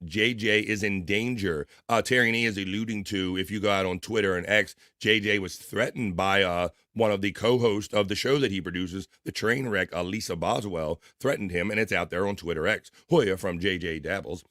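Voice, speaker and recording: A man hosting a live stream, casually reading viewer comments aloud and giving shout-outs while talking through his allergies. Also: on the low side, normal speed, few pauses, no echo, clean studio sound. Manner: casual, rambling, reads chat names aloud with shout-outs. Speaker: livestream show host.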